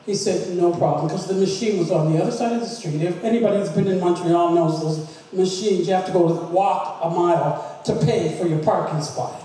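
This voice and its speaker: A woman's voice: fairly low pitch, fairly quick, dark tone. A middle-aged woman giving a humorous family tribute at a memorial, telling a story and laughing through her lines. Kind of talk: humorous anecdote at a memorial celebration. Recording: echoey hall recorded from far off.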